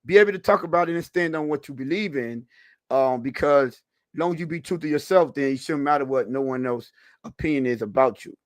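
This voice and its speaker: A man's voice: fairly high pitch, brisk, dry recording. Upbeat man hosting a live stream. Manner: laughs often, talks straight to the viewers; loose, rambling, with restarts. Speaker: podcast co-host on a live stream. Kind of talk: casual live-stream chat.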